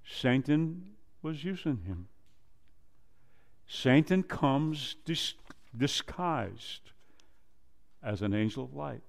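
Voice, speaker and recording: A male pastor preaching a sermon, quoting scripture and acting out dialogue, swinging from loud emphasis down to a low hush. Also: animated, vocal fry. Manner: preaches slowly, rises loud then drops to a low hush; quotes scripture and acts out dialogue.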